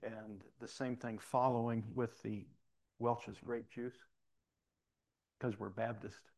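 In a church sanctuary, a pastor delivers a sermon in a folksy, conversational style, telling personal stories. His medium-pitched voice is slow, level in tone and a little mellow.

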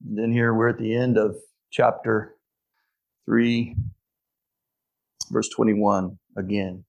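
A pastor preaching a sermon, emphatic, slowing down to stress key phrases. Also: male voice, on the low side, fairly even intonation.

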